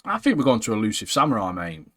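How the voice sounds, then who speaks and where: A man co-hosting a casual anime podcast, animated and full of banter. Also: lowish voice, fast talker. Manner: animated, banter-heavy, says "mate" constantly. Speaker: podcast co-host.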